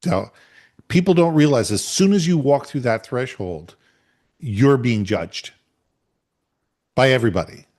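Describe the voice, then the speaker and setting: A middle-aged man co-hosting a podcast, telling a workplace story in an emphatic, animated way. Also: mid-range voice, a little slow, long pauses. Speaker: podcast co-host. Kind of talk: conversational storytelling.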